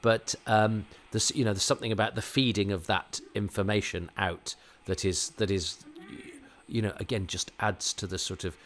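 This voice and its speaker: A man's voice: on the low side, steady tone, normal speed, fairly bright tone, a little hiss or hum. A middle-aged man with an English Received Pronunciation accent, chatting casually as a podcast host, rambling with lots of fillers and restarts. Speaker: podcast host reviewing a TV episode. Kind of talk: casual reflective commentary.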